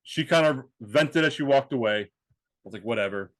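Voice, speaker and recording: A man's voice: medium pitch, moderate pace, fairly bright tone, no room sound. A man co-hosting a podcast, telling a story in a rambling, casual way with restarts and swearing. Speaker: podcast co-host. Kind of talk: casual chat.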